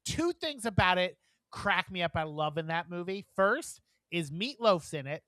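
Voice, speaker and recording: A man's voice: high-pitched, very animated, normal speed, bright, forceful tone, no echo, studio quality. Tired, giggly man chatting on a podcast. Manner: chatty and giggly, rambling with many fillers. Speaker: podcast co-host. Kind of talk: casual chat.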